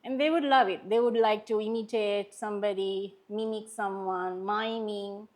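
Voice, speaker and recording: A middle-aged woman from Sri Lanka, a teacher chatting as a guest in an interview, animated and patient in her explanations. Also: mid-range voice, moderate pace. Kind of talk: casual conversational interview.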